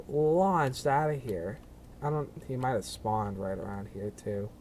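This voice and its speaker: Male streamer, unhurried and rambling, mid-pitch, self-deprecating asides, faint keyboard clatter behind. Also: darkish tone, slight background noise. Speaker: game streamer. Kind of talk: casual gameplay commentary.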